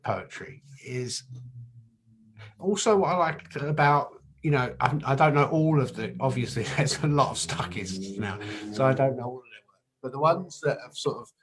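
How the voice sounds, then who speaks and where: A man's voice: medium pitch, lively intonation, normal speed, a crowd in the background. Guy hosting a casual chat, keeps restarting sentences, ums and you knows. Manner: hesitant, many restarts and fillers. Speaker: podcast host. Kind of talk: casual conversation.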